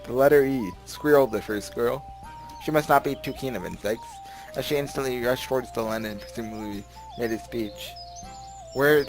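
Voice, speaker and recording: A man at home in his bedroom, reading a visual novel's text aloud and chatting about it in a rambling, giggly way, often tripping over his words. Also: mid-range voice. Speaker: let's play gamer. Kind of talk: casual let's play commentary, reading game text aloud.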